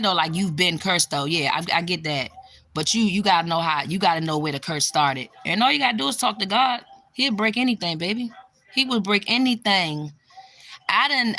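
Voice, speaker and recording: A young woman chatting casually on a livestream, bluntly and with a lot of profanity, answering her viewers' comments. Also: on the low side. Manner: blunt and profane, bursts into loud exclamations; reacts to live chat comments. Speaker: spiritual vlogger.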